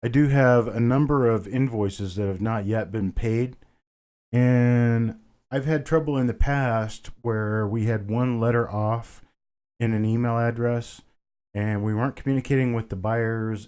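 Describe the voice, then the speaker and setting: A man's voice: medium pitch, steady tone, a little slow, a little mellow, clean tone. A middle-aged man runs a live coin auction stream and keeps up easy, casual chatter with his viewers. He reads out names from the chat and answers each one directly, calling them brother. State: a bit winded.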